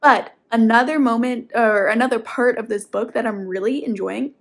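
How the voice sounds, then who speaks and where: Chatty, excitable young woman vlogger. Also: on the high side, normal speed. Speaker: book vlogger. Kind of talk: casual reading vlog.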